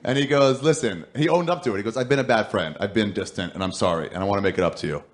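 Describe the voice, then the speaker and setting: Talking very fast in a lowish voice, a male stand-up comic in his thirties works a club stage with a handheld mic. His story has him voicing both parties of phone calls at raised volume.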